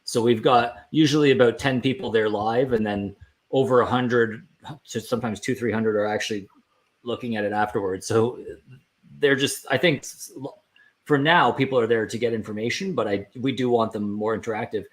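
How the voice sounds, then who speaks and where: A man's voice: medium pitch, steady tone, moderate pace. A man, a team member chatting casually on a livestream, friendly and rambling with frequent restarts.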